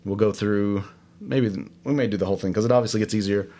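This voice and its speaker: A man's voice: lowish voice, fast talker, mellow. Rambling man hosting solo. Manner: rambling, self-deprecating, many fillers. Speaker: podcast host. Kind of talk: casual solo chat. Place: home studio, alone.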